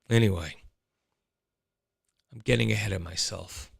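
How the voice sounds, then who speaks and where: A man's voice: medium pitch, unhurried, clear, resonant tone, no echo, clean studio sound. A man hosting a casual solo livestream, rambling and chatting straight to his listeners. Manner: animated, rambling, talks to listeners. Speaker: host.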